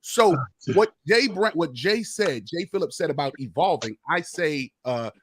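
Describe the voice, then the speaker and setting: A man, a comedian, talking in a lively, emphatic way on a call-in panel discussion. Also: on the high side, a little slow, background noise. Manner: lively, emphatic, slips into impressions. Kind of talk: animated casual debate.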